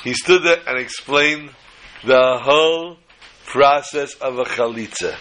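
A man's voice: mid-range voice, slow pace, fairly bright tone, a little hiss or hum, rough recording. An older man teaching a Torah class, mixing teaching with jokes and storytelling asides.

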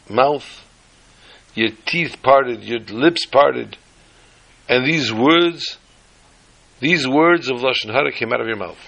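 Man doing a wise old rabbi in a story, slow and emphatic, repeats himself, bright forceful voice. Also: mid-range voice, creaky, full character voice, rough recording. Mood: stern.

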